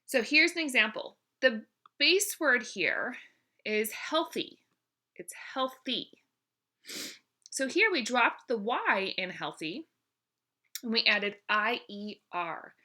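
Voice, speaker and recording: Woman, grammar teacher, lively pitch, slow careful delivery, bright tone, encouraging. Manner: clear, encouraging, drawn-out example words. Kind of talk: English grammar lesson.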